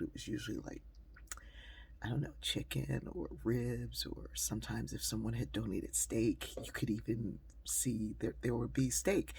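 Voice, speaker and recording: A woman tells a personal story in a relaxed, conversational way, pausing on fillers as she goes. Her voice is husky and gravelly, with plenty of fry. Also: rumbling low. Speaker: speaker telling a personal story. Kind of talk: storytelling monologue.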